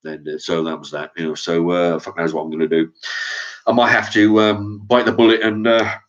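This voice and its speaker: A man's voice: sits low, little pitch movement, fairly quick. Profane, rambling man on lo-fi audio. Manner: profane, rambling, with stammered restarts. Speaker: vlogger. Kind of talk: casual ranting monologue. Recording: dull lo-fi sound.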